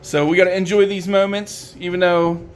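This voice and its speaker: A woman filming her puppies, chatting fondly and teasing them, and jumping into high baby talk whenever she calls one over. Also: level tone, normal speed. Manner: fond, chatty, teasing the pups. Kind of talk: casual running commentary while filming.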